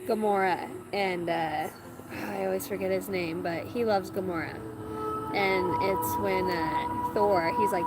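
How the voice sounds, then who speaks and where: A woman's voice: medium pitch, fairly even intonation, a little slow. Rambling woman reading tarot outdoors. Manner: rambling, talks to her dogs. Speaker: tarot reader. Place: outdoors on rural land. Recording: loud outdoor background noise.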